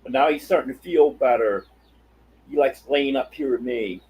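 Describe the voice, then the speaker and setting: A man hosting a casual live stream from his homestead, hoarse as his voice gives out, telling folksy stories and answering chat. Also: medium pitch, moderate pace, darkish tone, rough recording. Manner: folksy storytelling, replies to chat. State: voice giving out, hoarse. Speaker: livestream host.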